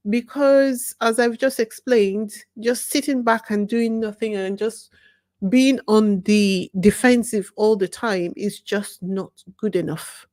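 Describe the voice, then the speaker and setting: A woman's voice: medium pitch, slow, a little mellow, no echo. A woman hosting her own channel, talking passionately and emphatically, asking herself pointed questions. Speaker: YouTube channel host. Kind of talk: casual vlog monologue.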